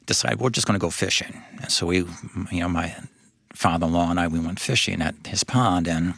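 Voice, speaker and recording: A man who is a guest on an interview, telling his story as a father in a reflective, halting way with many restarts. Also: deep voice, vocal fry, a bit bright, no echo, clean studio sound. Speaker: guest, father of a son with a disability. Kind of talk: personal testimony in a faith interview.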